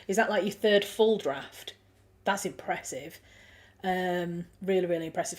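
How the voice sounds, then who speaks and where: A woman with a Yorkshire accent hosts a relaxed livestream, chatting to viewers in an easy, friendly way. She thinks aloud, restarting sentences and filling gaps with ums. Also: on the low side. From Yorkshire, England. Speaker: livestream host. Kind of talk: casual chat reading viewer comments.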